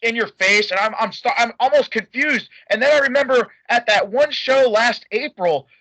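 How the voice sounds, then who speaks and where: A man with a high, bright voice chats as a guest on a podcast, rambling eagerly and stumbling through restarts. The sound is close and dry, with no room to it. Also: moderate pace, dry recording, rough recording. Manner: enthusiastic and rambling, many fillers and restarts. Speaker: guest, wrestling fan. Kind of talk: casual podcast interview.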